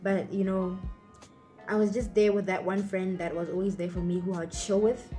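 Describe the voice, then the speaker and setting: Young woman, Botswana accent, chatty vlog storyteller, medium pitch, soft music underneath. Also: level tone, moderate pace. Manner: chatty, full of fillers and acted-out quotes. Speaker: YouTuber.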